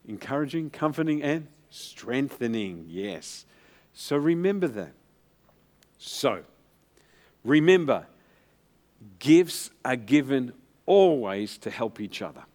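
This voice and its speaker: A man with a slightly raised voice preaches to his congregation. He tells stories in an easy, conversational way and asks the room to say words back to him. His delivery mixes quiet, reflective stretches with bursts of emphasis. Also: fairly high pitch. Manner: storytelling preacher, calls for congregation responses. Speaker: pastor. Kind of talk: sermon.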